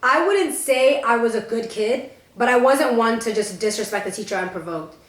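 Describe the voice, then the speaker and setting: A woman's voice: fairly high pitch, animated, normal speed, roomy sound. A young woman co-hosting a casual podcast, telling blunt stories and swearing freely. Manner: blunt storytelling, frequent swearing. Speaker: podcast co-host. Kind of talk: casual chat.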